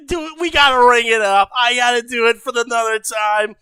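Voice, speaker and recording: A young man streaming live, shouting, laughing and swearing in casual chat. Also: extremely high pitch, brisk, hardly any pauses, clear, resonant tone, dry recording.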